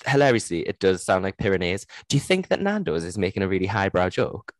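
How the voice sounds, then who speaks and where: A woman's voice: a bass voice, very animated, quick pace, no echo. A young woman with a Geordie accent, co-hosting a casual book chat, laughing often and swearing freely. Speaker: podcast co-host.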